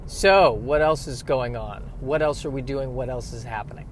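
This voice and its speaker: A male vlogger delivers a rambling, comic monologue outdoors near a street, putting himself down and riffing with growing exasperation. His voice is mid-range and his speed normal. A little hiss or hum is audible in the recording.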